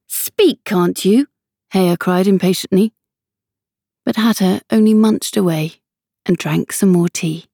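A woman's voice: medium pitch, measured pace, creaky, pauses often, mellow, dry recording, studio quality. A woman volunteer reading a classic storybook aloud. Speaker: volunteer reader.

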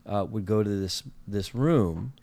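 A man's voice: on the low side, mellow, no room sound. A man from northern Minnesota, a podcast guest telling a story in casual chat with many fillers and restarts. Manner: halting, many fillers and restarts, laughs often.

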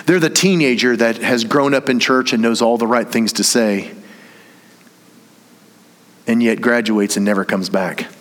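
A man's voice: medium pitch, a little slow, pauses often. A man from Tennessee, preaching a sermon and telling a story with humor and acted-out voices. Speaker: pastor. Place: church. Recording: reverberant church hall.

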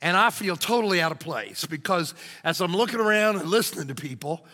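Bright-voiced preacher in a hall. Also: male voice, sits high, a little fast. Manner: animated, jokey, acts out shouting crowds. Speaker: pastor. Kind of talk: storytelling sermon.

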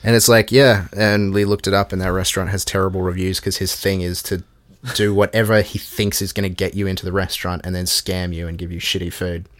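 An Australian man co-hosting a casual podcast chat, spinning animated, sweary stories. His voice sits a bit low and the recording is dry and close. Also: fairly quick, dry recording. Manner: swears a lot, animated storytelling. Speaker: podcast co-host.

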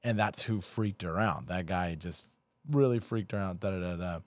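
A man with a deep, low voice in casual podcast banter. He jokes and teases as he tells stories. The sound is dry and close. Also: moderate pace, dry recording. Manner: joking, teasing banter. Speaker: podcast guest. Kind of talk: casual chat.

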